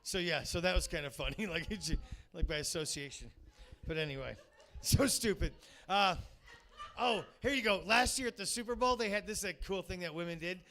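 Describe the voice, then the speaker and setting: A man's voice: high voice, normal speed, pushed and bright. A man doing a rambling, crude stand-up comedy set in a comedy club, baiting the crowd and heavy on filler words.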